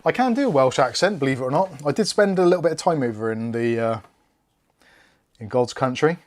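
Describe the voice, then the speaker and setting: A man's voice: medium pitch, expressive, fairly quick. A man hosting a live PC build stream, chatting casually and reading out viewer comments while he works. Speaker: tech channel host.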